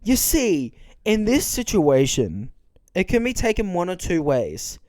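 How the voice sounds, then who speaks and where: Animated podcast host reacting. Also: mid-range voice, measured pace, no echo, clean studio sound. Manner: incredulous, joking reactions with frequent laughs. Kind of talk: casual watch-along commentary.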